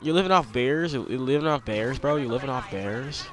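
A young man, commenting on his own gameplay casually, excitable, repeating himself and yelping when attacked. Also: mid-range voice, brisk, a little hiss or hum. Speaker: gameplay streamer.

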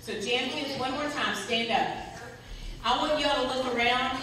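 Animated woman in an echoey sanctuary. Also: high-pitched, normal speed. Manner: animated, directs children aloud. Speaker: children's ministry leader. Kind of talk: lively children's message in a church service. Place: church sanctuary. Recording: echoey hall, distant mic, background noise.

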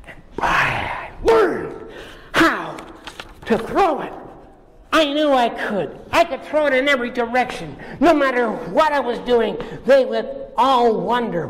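A man narrating a children's story in the first person, playful and animated, with sound effects. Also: extremely high pitch, slow pace, long reverb tail, a little hiss or hum.

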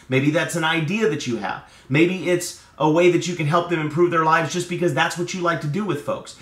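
A man hosting a motivational vlog, talking casually and energetically to camera. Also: on the high side. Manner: conversational, energetic, acts out sales dialogues. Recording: roomy echo, distant from mic.

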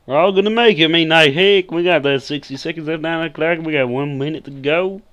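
A man's voice: a little high, brisk, fairly bright tone, muffled recording, voice pushed up, close to an everyday voice. A man doing a drawling cocky southern guy. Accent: put-on American Southern.

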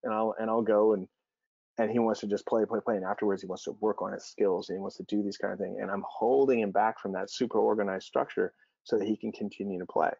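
A man's voice: fairly low pitch, fairly even intonation, quick pace, gravelly, a little mellow, slightly rough, no room sound. A man giving an earnest presentation on youth sports, telling personal stories and acting out dialogue. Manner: earnest, storytelling, acts out quoted dialogue. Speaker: speaker on youth sports and child development. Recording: dull, slightly lo-fi dry recording.

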